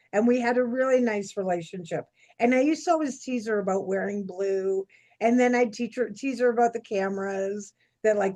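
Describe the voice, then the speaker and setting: A woman, co-hosting a casual chat and telling stories in a chatty, animated way. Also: medium pitch. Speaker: podcast co-host.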